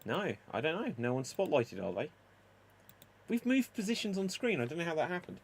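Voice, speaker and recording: A man hosting a live improv show over a video call, brisk and teasing as he runs the games. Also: a little high, sing-song. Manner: brisk, teasing, keeps the game moving.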